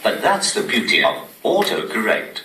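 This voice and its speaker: A man doing stand-up comedy through a text-to-speech device, with a posh synthetic voice and deadpan delivery. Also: fairly low pitch, normal speed. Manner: deadpan, evenly paced machine delivery. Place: cinema venue on stage before a laughing audience. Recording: echoey room, distant mic, loud noise.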